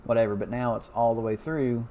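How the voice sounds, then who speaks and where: A man's voice: mid-range voice, steady tone, a little fast, mellow, a little hiss or hum. A man and former railroad worker talking loosely and chattily, correcting himself as he goes. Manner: loose and chatty, many fillers, self-correcting. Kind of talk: casual rambling talk over a map.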